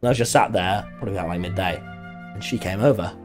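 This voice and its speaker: A young man telling a rambling, excitable story in a casual stream chat, full of fillers and sudden yelps. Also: deep voice, fast, soft background music. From England.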